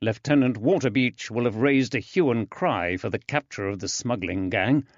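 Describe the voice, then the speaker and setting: A man narrating an audiobook, voicing a firm, brisk detective in a clipped, slightly raised voice. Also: medium pitch, dry recording, close to an everyday voice. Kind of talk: audiobook character voice. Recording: dry, slightly dull.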